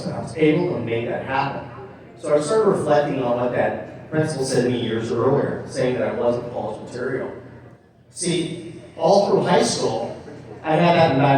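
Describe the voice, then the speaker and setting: Man, motivational speaker, earnest storytelling, very reverberant room, distant mic. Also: medium pitch. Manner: earnest storytelling, acts out his own past voice. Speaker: guest speaker. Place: meeting room.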